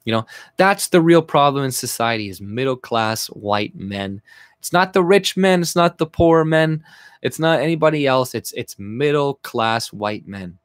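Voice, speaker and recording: A man's voice: medium pitch, expressive, unhurried, smooth, dry recording, studio quality. A man from Canada, a YouTuber, ranting angrily and sarcastically as he reacts to an article he reads aloud, with lots of swearing. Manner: profane, sarcastic, mocking. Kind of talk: angry reaction rant reading out an article.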